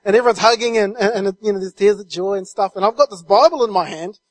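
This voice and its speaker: A man shares his testimony as a guest speaker. His voice sits high, and the sound is dry and close. He tells the story vividly, linking his phrases with a stream of repeated "and"s. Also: quick pace, no room sound. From New Zealand.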